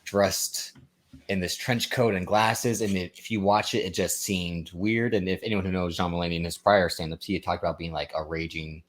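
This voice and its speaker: A man's voice: deep voice, steady tone, moderate pace. A man co-hosting a podcast, chatting casually and retelling comedy bits with lots of filler words. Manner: rambling, retells stand-up bits with many likes and ums. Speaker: podcast co-host. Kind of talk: casual chat.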